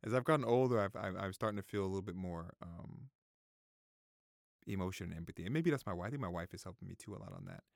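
A vlogger in his thirties speaks quickly in a low, gravelly, sing-song voice, sharing casual opinions on camera. He swears a lot, repeats himself, and is close to tears, recorded in clean studio sound with no echo.

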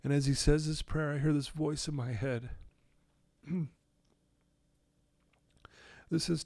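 A middle-aged man, a podcast guest telling his story in an animated way and acting out his own quoted lines. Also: fairly high pitch, slow, gravelly, long pauses, no echo. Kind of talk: storytelling in a conversational interview.

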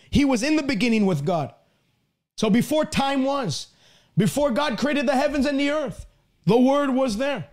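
A man preaching a sermon, reading scripture aloud with slow, emphatic stresses. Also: extremely high pitch, a little mellow.

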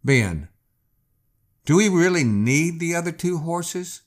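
A man's voice: expressive, slow. A man voicing a frightened young pioneer wife, pleading and anxious in a raised voice. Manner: anxious, pleading, raised falsetto-ish pitch.

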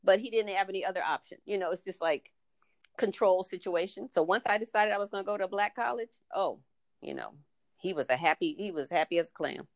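Her pitch is medium and her pace fairly quick, with no room sound in the recording. She's a middle-aged podcast guest spinning stories in casual chat, performing the dialogue of whoever she's quoting.

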